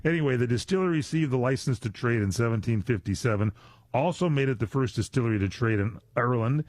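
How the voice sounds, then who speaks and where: A male radio host talks into a studio mic in a loose, joking way and wanders off on tangents. The sound is dry and close, with no room echo. His pitch sits at an ordinary middle level. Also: lively intonation, fast, darkish tone. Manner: jokey, rambling, drifts into digressions. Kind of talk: casual live radio chat. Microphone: studio microphone.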